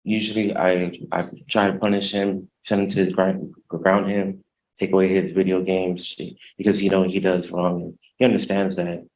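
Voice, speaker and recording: A man testifying as a defendant in court, hesitant and soft-spoken, halting over his words. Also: sits low, flat delivery, a little hiss or hum, poor audio.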